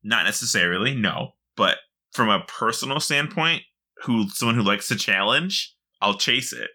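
A man's voice: medium pitch, animated, normal speed, sharp tone, husky. A man co-hosting a casual gaming chat, blunt and joking, swearing freely. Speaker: podcast co-host.

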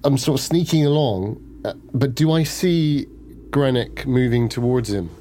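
A man's voice: mid-range voice, measured pace, dark tone, slight background noise. A man playing a tabletop game, talking casually, joking, and correcting himself as he goes. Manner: playful, rambling, self-correcting. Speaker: player.

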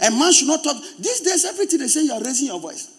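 A man with a Ghanaian accent preaching a sermon as pastor, speaking straight to his congregation in an animated way. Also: very high-pitched, quick pace.

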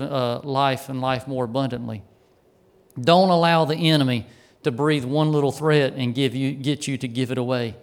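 A man's voice: fairly high pitch, clean tone. A man preaching a sermon as pastor, then leading a prayer, fervent and repeating his phrases.

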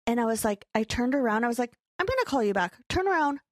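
With a high-leaning voice and a quick pace, a young podcast co-host chats casually through a story, animatedly performing what people said and laughing along. The studio sound is clean, with no room sound.

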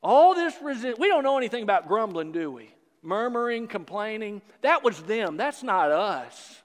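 A man preaching a sermon as a pastor, animated, with playful sarcasm while reading scripture aloud. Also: high-pitched, normal speed, few pauses. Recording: long hall reverb.

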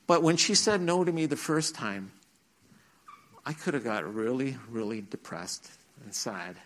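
A man's voice: mid-range voice, lively intonation, a little slow, a bit bright. A middle-aged man preaching to teens in a church, telling his own testimony in an earnest storytelling manner and acting out the quotes. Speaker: youth speaker. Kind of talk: sermon testimony.

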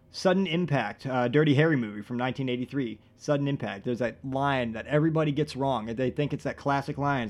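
A man hosting a comedy podcast, rambling and profane, with deadpan absurd jokes. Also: medium pitch. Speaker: podcast host.

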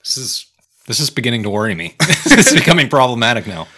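A man's voice: mid-range voice, sing-song, fast, sharp tone. A man co-hosting a podcast, joking and laughing through casual chat. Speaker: podcast co-host.

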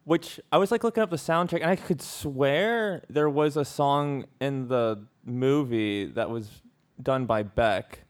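A man's voice: mid-range voice, unhurried. A man co-hosting a podcast in casual, joking chat. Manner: joking, playful, stumbling restarts. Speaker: podcast co-host.

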